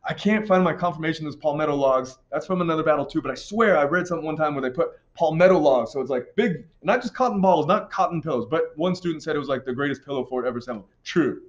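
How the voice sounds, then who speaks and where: American guy teaching history off slides, casual and slangy, kinda high voice, muffled audio. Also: fast talker, hardly any pauses. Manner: casual, slangy, animated storytelling. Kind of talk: recorded classroom lecture over slides. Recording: dull lo-fi recording.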